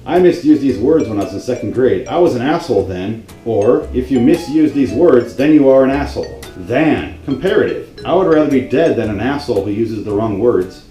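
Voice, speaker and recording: Man, mellow dark voice, profane exasperated comedy rant, roomy echo. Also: medium pitch, expressive, fairly quick, hardly any pauses, soft background music. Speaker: video host.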